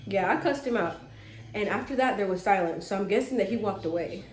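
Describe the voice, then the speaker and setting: Young woman vlogger, mid pitch, chatty and cussing storyteller, roomy echo. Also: a little fast, a crowd in the background. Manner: animated, swearing, talks to viewers as sis. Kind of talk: casual storytime.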